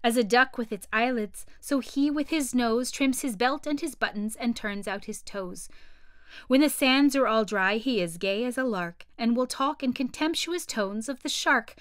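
A woman's voice: on the high side, normal speed, no echo, studio quality, lightly acted. Alice, a woman playing a curious girl. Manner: polite and wondering. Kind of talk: storybook read-aloud.

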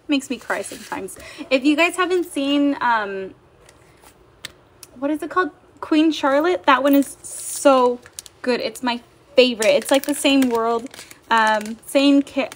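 A chatty young woman talks through a home livestream, her voice high and lively as she greets viewers. She sounds bubbly and easygoing. Soft clicking noises sit faintly behind her. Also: slight background noise. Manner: bubbly, chatty, reads viewer comments aloud. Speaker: livestream seller. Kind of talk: casual livestream chat.

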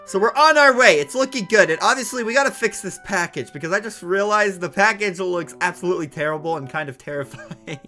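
Hyper young man with a bright, high voice. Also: lively intonation, brisk, hardly any pauses, soft background music. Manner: hyper, jokey, prone to mock outrage. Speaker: gaming YouTuber. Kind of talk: excited gameplay commentary.

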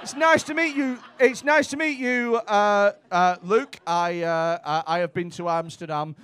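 High-voiced sweary comic. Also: male voice, steady tone, measured pace, a bit bright, slight background noise. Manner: brash, sweary, teasing banter. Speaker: stand-up comedian. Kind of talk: stand-up crowd work. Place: comedy club stage. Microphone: handheld stage mic.

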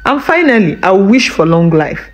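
A woman's voice: mid-range voice, sing-song, fairly quick, lo-fi sound, natural voice. A woman voicing a greedy, scheming village wife who scolds and threatens sharply.

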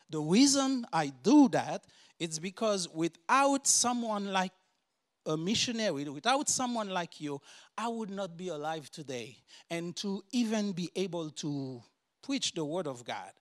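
A man with a Haitian accent, a native French speaker, preaching an earnest sermon that builds to loud, emphatic declarations. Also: sits high. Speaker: guest preacher and doctor.

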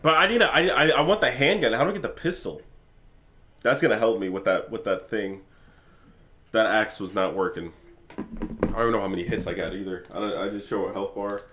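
A man giving excitable let's play commentary for his gaming channel, swearing freely as he plays. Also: on the low side, brisk, pauses often, slight background noise.

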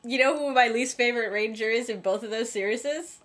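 A young woman co-hosting a casual reaction chat, joking and tossing in quick asides with hesitant fillers. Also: fairly high pitch, a bit bright. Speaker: co-host reviewing episodes.

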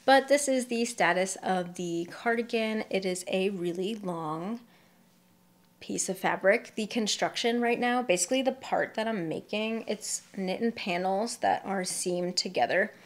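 A woman's voice: mid-range voice, measured pace. Young woman, mild Massachusetts accent, easygoing host chatting through her crafts. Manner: chatty, laughs lightly, thinks aloud while showing work. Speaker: knitting podcast host. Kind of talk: casual show-and-tell chat.

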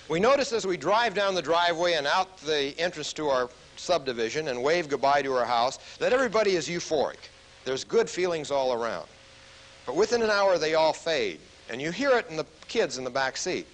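A military officer giving a stress management lecture to a group, telling stories and asking the audience questions. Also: male voice, fairly high pitch, low-quality recording. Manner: animated storyteller who asks the audience questions.

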